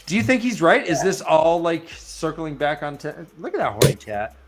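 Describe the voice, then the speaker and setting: A man's voice: on the high side, expressive, normal speed, a loud crowd. A man casually recapping book chapters on a chat show, loose and joking, sliding into playful character voices and crude asides. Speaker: podcast host recapping chapters.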